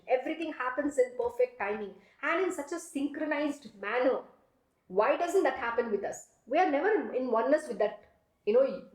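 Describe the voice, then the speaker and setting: Earnest high-voiced woman giving a spiritual talk. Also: a little mellow, reverberant, low-quality recording. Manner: earnest, frequent "you know" asides. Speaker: spiritual teacher. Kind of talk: devotional discourse.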